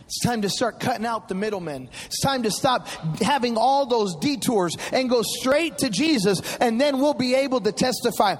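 A middle-aged man preaching a sermon in a church, impassioned and rising into sung shouts at the peaks. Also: very high voice, animated, moderate pace. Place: church sanctuary. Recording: long reverb of a large church hall.

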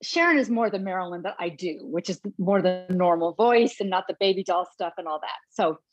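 A woman actress being interviewed, telling lively anecdotes and acting out what others said. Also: lowish voice, a little fast, dull audio, over music. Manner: animated, acts out quotes of others. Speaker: actress and guest. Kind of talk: casual anecdotal storytelling.

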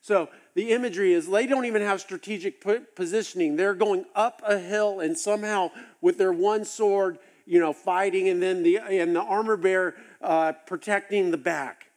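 A man with a high voice preaches a sermon. He tells the story with animated, acted-out asides. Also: normal speed, hardly any pauses. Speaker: pastor.

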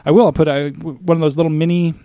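A man's voice: a little high, level tone, racing, mellow, smooth, dry recording. A man co-hosting a casual podcast chat, rambling with restarts and jokey asides. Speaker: podcast co-host.

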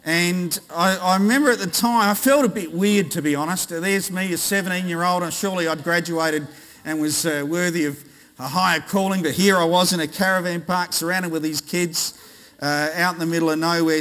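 Australian male pastor, bright high voice, playful with the congregation, sermon in a long-echo hall. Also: normal speed. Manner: jokey, quizzes the congregation. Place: large church hall. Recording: reverberant church hall.

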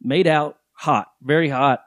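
A man's voice: on the high side, measured pace, fairly bright tone, no room sound. Rambling candid man, dry sound. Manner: rambling, candid storyteller with swearing. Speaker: podcast host. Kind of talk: casual podcast chat.

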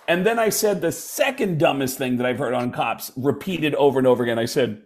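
A man's voice: on the high side, fairly quick, hardly any pauses. A middle-aged man, a stand-up comedian, telling stories in casual chat and acting out the voices of the people in them. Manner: animated, acts out voices in stories.

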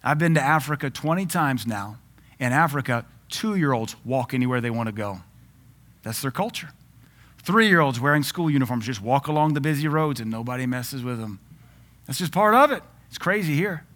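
Speaking at a normal pace, a pastor in his forties gives a sermon in a conversational, mid-pitched voice. His style is lively and jokey, and he laughs often while making his points.

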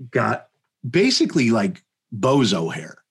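Podcast guest: a man with a husky voice, mid-range pitch, animated and rambling, full of "like" and "you know". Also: measured pace. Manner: animated, rambling, laughs mid-sentence, many fillers. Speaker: podcast guest telling a story. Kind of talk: casual comedic storytelling.

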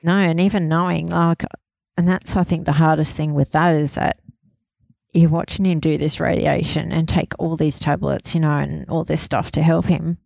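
Woman, low pitch, gravelly, dry close sound, halting candid interview. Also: steady tone, darkish tone, no echo. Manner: candid, halting, laughs through pain. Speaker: interview guest, bereaved mother. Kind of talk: emotional personal interview.

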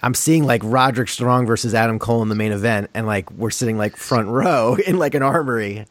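A man's voice: mid-range voice, brisk, no room sound. Man, podcast host, casual talk, lots of fillers, dry close sound.

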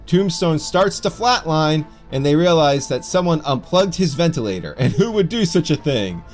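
A podcast co-host with a slightly high, animated voice and a slight lisp talks at a normal pace over soft background music. On this casual fan podcast, he recaps the plot and drops wry, sarcastic asides.

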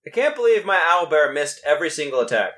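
Lively man running a tabletop game. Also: on the high side. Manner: animated, quick asides, slows for narration. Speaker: game master.

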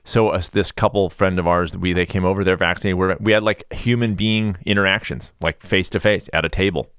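A man hosting a podcast in a relaxed, mellow mood, chatting in a rambling way with a sarcastic streak. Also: sits low, a little fast, clear, resonant tone, no room sound, studio quality. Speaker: podcast host. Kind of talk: casual podcast monologue.

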